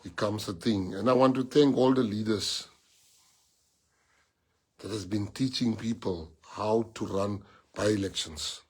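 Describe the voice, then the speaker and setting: A man's voice: lowish voice, unhurried, long pauses, darkish tone, slightly rough. A middle-aged South African man with a South African accent, leading his party and rallying supporters on a livestream, emphatic and repetitive, dropping in Afrikaans phrases. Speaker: party leader.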